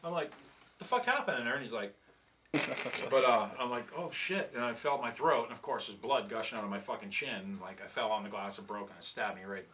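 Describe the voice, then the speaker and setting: A man's voice: on the low side, fairly even intonation, a little fast, sharp tone, distant mic. A man telling a long, rambling, profane tour story in casual chat, laughing at himself as he goes. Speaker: guest musician telling tour stories.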